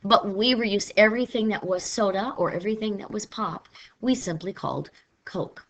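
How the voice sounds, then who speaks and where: A woman's voice: medium pitch, normal speed. A woman from Missouri giving a conversational literature lecture, now and then playfully mimicking regional speech. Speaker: literature teacher. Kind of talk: recorded classroom lecture.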